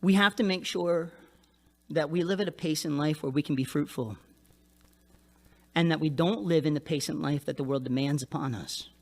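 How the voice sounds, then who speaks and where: Brief: male pastor, higher voice, lively conversational sermon delivery, keeps asking "right?". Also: normal speed, vocal fry. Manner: animated, conversational preaching with frequent "right?".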